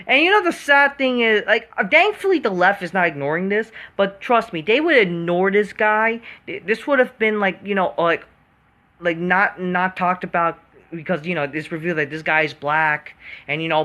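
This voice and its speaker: A woman's voice: on the low side, a bit bright. A woman hosting an online commentary video, delivering an angry, profane rant full of fillers, restarts and constant swearing.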